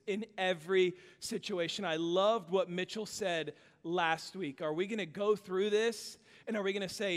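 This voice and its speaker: A man's voice: high voice, steady tone, moderate pace, hardly any pauses. A man preaching a sermon as pastor, emphatic and repetitive, with light corny humor. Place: church. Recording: echoey church hall.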